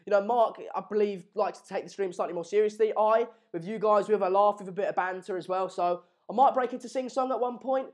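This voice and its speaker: A young man from England runs a football watchalong stream and chats loosely with his viewers. His voice sits a touch high, and his talk wanders with restarts and jokes. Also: fast talker, few pauses. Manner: jokey banter, rambling with fillers and restarts. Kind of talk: live stream chat reading comments. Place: home room in Madrid.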